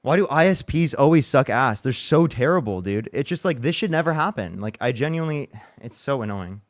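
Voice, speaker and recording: A man's voice: mid-range voice, expressive, brisk. A man hosting a livestream, talking casually and frustrated, swearing and restarting his sentences. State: upset after a bad day. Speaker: livestream debate host.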